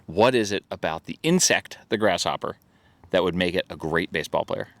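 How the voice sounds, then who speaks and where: Male podcast host, deep, relaxed, jokey banter recorded outdoors. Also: brisk, no room sound. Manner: joking, laughs easily, many restarts. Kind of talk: casual podcast chat. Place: outdoors at a historical park.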